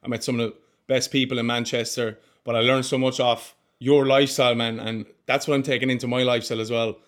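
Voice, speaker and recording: An earnest man in his twenties appears as a podcast guest, speaking in a heartfelt, casual way and sprinkling his loose, friendly talk with "mate" and "bro." His mid-range voice is fast, fairly bright and flat in delivery.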